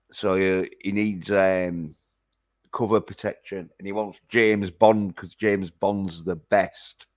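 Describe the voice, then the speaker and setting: Slow, low-voiced rambling man. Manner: rambling, hesitant, swears a lot. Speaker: film reviewer. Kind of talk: casual film recap.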